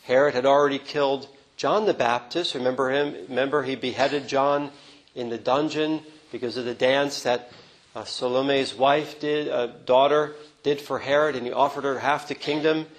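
A man in the middle of a sermon, speaking in an earnest, unhurried way. His voice sits at an ordinary middle pitch, and he pauses and restarts as he works through the passage. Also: fairly even intonation, rough recording. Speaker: preacher. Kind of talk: sermon on a gospel reading.

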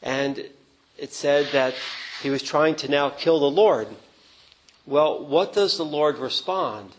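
Earnest unhurried male preacher. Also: on the high side, a little hiss or hum, low-quality recording. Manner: unhurried, earnest, with restarts and quoted lines. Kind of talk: sermon on a gospel reading.

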